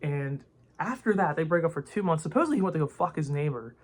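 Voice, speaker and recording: A man's voice: on the high side, animated, quick pace. A young man ranting to camera in a rambling, heated way, full of filler words and swearing. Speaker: vlogger. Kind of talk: casual opinion rant to camera.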